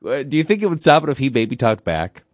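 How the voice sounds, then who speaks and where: A man's voice: mid-range voice, very animated, fast, dry recording, studio quality. A man co-hosting a radio talk show, chatting in a playful, joking way. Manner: playful, joking, laughs easily. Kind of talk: casual radio chat.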